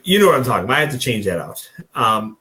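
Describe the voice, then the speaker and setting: A man's voice: mid-range voice, very animated, fast talker, pushed and bright. A man co-hosting a political podcast, talking in a folksy, rambling, emphatic way and acting out little dialogues. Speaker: podcast co-host. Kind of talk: casual political talk. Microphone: video call.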